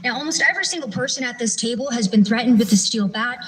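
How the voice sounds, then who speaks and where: A woman's voice: a little high, fast talker, low-quality recording. A woman speaking at a roundtable, emotional and urgent, pleading her case. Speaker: roundtable guest. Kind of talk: impassioned statement at a roundtable.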